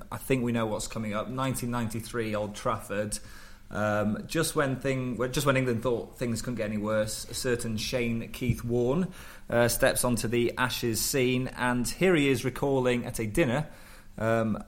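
A man hosting a podcast discussion, steady as he introduces clips and moves the talk along. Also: mid-range voice. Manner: steady, presenting links and cues. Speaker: podcast host. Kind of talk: casual chat.

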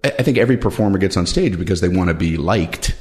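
Casual: guy comic talking about his act, low-ish voice, stops and restarts a lot, self-deprecating. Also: lively intonation, a little mellow. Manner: thoughtful, halting, self-deprecating. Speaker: stand-up comedian, guest. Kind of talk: reflective interview answers.

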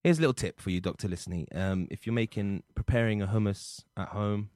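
Casting: male podcast host, teasing and mock-outraged, lowish voice, dry studio sound. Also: fairly quick, darkish tone, dry recording. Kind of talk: casual comedic chat.

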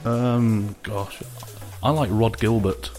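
A man's voice: lowish voice, fairly even intonation, slow pace, a little mellow, soft background music. A man co-hosting a casual podcast chat, laid-back with dry one-liners. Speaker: podcast co-host.

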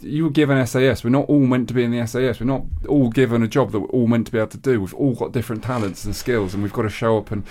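A man's voice: medium pitch, steady tone, very fast, hardly any pauses, a little mellow. An English man co-hosting a podcast, speaking in an earnest, encouraging way in casual chat. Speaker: podcast co-host.

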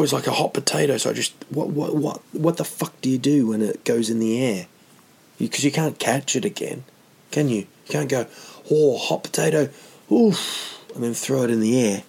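Man, middle-aged, comedian, rambling comic monologue, self-mocking tangents, husky tone. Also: fairly low pitch, a little mellow. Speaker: comedian podcast host.

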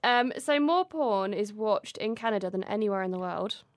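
A woman's voice: medium pitch, expressive, moderate pace, no room sound, studio quality. A woman co-hosting a podcast in casual chat, giggling often as she presents facts she has researched, recorded remotely over a video call. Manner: giggly, chatty, laughs through her facts.

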